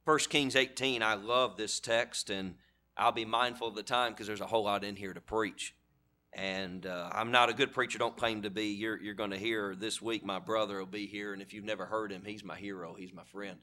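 A man's voice: fairly low pitch, steady tone, normal speed, bright, forceful tone. A man preaching a sermon in a church, telling folksy stories and building to fervent, repeated appeals. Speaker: guest preacher. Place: church sanctuary.

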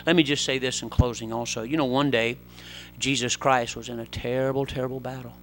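A middle-aged man preaching a sermon, swinging between loud, urgent exhortation and quieter, conversational asides. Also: mid-range voice, fairly even intonation, brisk, slight background noise.

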